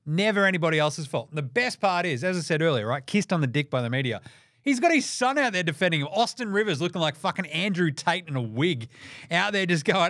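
A man's voice: a little high, sing-song, fast talker, fairly bright tone, no echo. A young Australian man hosting a sports podcast, ranting in a profane, mocking way on a close mic. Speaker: podcast host. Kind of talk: casual sports rant.

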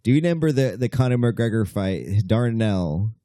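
A man's voice: fairly low pitch, expressive, moderate pace, dark tone, no echo, studio quality. A young man co-hosting a casual podcast, steering the talk with blunt jokes. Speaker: podcast co-host. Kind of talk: casual chat.

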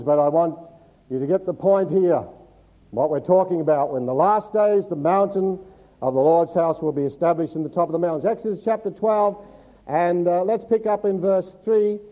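A man's voice: high voice, normal speed, muffled recording. A male pastor preaching a sermon to a congregation, teaching from the Bible and quizzing the listeners with humorous asides. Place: church service before a congregation.

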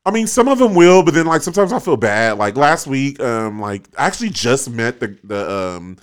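A man's voice: medium pitch, big pitch swings, normal speed, clean tone. A man hosting a podcast in a studio, chatting casually, agreeable and swearing freely. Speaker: podcast host. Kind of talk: casual chat.

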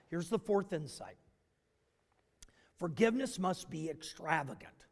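High-voiced male pastor preaching in a hall. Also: expressive, unhurried. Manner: swings from loud emphatic preaching to hushed storytelling. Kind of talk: sermon.

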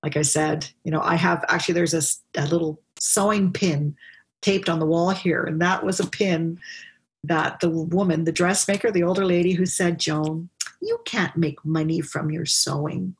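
A woman interviewed as a business founder, telling her story in an animated way and acting out what people said. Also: on the low side, normal speed, husky. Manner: animated storyteller, laughs often, acts out quotes. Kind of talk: conversational interview.

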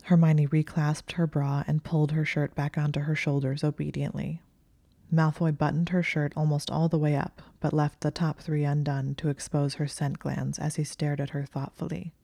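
An audiobook narrator reads fiction in a calm, steady storytelling way. The voice is mellow and level, with little rise or fall. The recording is close and dry. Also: mid-range voice, moderate pace, creaky, dry recording. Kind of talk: scripted narration of fan fiction.

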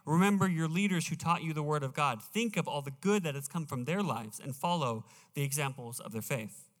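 Earnest preacher man in an echoing church. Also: on the high side. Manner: earnest, slows down to read scripture emphatically. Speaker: pastor. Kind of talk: sermon. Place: church sanctuary. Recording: reverberant church hall.

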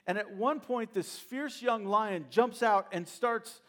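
A male pastor preaching a sermon, retelling a story with animated, humorous asides to the congregation. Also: sits high, takes it slowly. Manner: addresses congregation directly.

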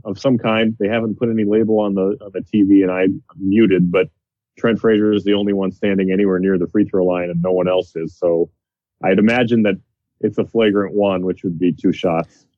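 A man co-hosting a podcast, giving measured analysis of a basketball game over a phone connection. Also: on the low side, steady tone, no echo. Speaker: podcast co-host. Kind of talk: casual commentary over a phone line. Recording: tinny phone line.

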